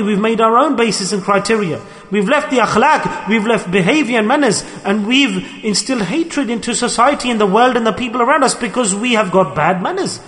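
A male preacher giving an emphatic sermon with storytelling, swinging from loud exhortation to a hushed softness. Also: sits high. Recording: long hall reverb.

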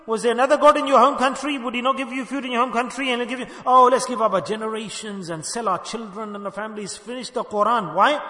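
An older man delivers an emphatic sermon, pressing his listeners with rhetorical questions. His voice sits high and bright. It rings through a roomy hall with a long, lingering reverb. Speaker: preacher.

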